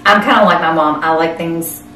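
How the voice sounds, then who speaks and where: A woman's voice: low voice, fairly quick, a loud crowd. A woman co-hosting a casual chat, easygoing and agreeable. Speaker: co-host. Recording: echoey room, mic at a distance.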